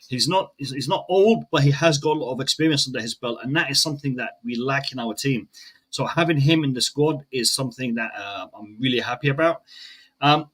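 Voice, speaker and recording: A man from the UK, a guest pundit on a video call, gives his view in a relaxed, unhurried way. He pads his sentences with "you know" and "um". His pitch sits in an ordinary middle range. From United Kingdom. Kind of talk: casual fan-show chat.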